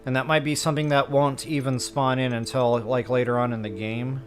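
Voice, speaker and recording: A middle-aged man giving casual gameplay commentary, chatty and quick to laugh, who tells stories to his viewers while he plays. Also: medium pitch, little pitch movement, soft background music. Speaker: gaming streamer.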